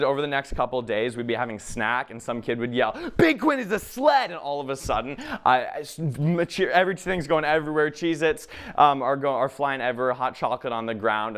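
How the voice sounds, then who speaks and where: Smooth-voiced young man doing stand-up. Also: medium pitch, fairly bright tone. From Minnesota. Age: young adult. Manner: halting, self-deprecating storytelling with many fillers. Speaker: comedian. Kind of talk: stand-up comedy set.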